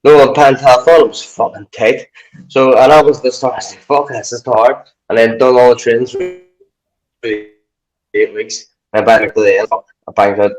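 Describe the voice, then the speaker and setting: Brief: male podcast guest, ex-fighter turned coach, mid-pitched voice, rambling and profane. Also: fairly even intonation, moderate pace, rough recording. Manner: rambling, swears a lot, acts out his own inner talk. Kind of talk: casual chat.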